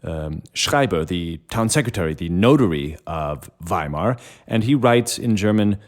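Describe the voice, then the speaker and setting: A man's voice: deep voice, lively intonation, unhurried. A man hosting a music lesson, patiently explaining step by step while he plays a keyboard. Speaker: music educator and host. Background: harpsichord playing.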